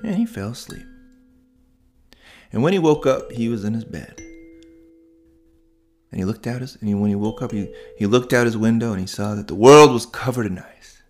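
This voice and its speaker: A man narrating a children's bedtime story in a relaxed, improvised way, with restarts. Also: mid-range voice, normal speed, pauses often, faint music behind. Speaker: storyteller and podcast host.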